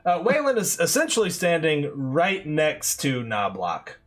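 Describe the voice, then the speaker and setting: A man narrating as game master of a tabletop game, animated and laughing as he acts out characters. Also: on the high side, unhurried.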